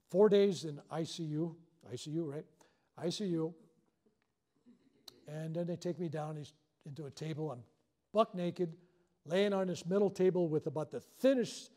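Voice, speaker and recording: A man's voice: fairly high pitch, mellow. A man leading a spiritual workshop, telling a personal story to a live audience in a joking, self-deprecating way.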